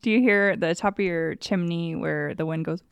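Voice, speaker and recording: A woman co-hosting a podcast in casual chat, easygoing and quick to laugh. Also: fairly low pitch, vocal fry, clear, resonant tone, dry recording. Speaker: podcast co-host.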